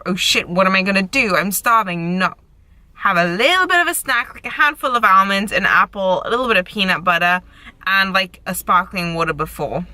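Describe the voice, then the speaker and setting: In a rough recording made outdoors beside a road with faint traffic noise, a young woman vlogs frank encouragement as a recovery coach, chatting and swearing occasionally. Her medium-pitched voice is bright and forceful.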